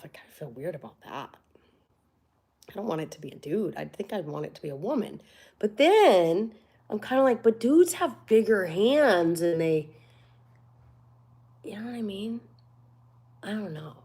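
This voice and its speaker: A woman's voice: lowish voice, mellow. A woman hosting a casual livestream, chatting candidly and laughing often. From United States. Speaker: livestream host.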